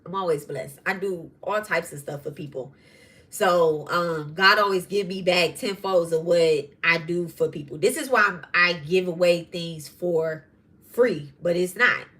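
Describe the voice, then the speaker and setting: A woman hosting a spiritual podcast who tells stories in a casual, animated way, swearing freely. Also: fairly low pitch, measured pace. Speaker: podcast host and tarot reader. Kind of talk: casual storytelling monologue.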